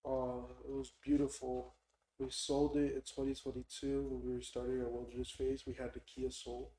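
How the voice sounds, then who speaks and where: A young man tells a long story on a podcast in a relaxed chatty way. He acts out the people he quotes and gets louder when he does. His voice sits at a middle pitch, and it carries a roomy echo. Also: normal speed. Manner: animated storyteller, mimics people loudly in quotes. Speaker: podcast host. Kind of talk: casual storytelling chat. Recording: echoey room.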